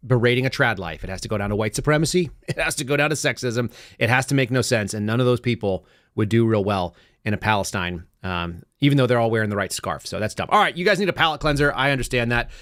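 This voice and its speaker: A man's voice: mid-range voice, animated, fast, a bit bright, dry recording, studio quality. A man hosting a live commentary show in a loose, chatty way, often laughing and restarting his sentences. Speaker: podcast host. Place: home studio set.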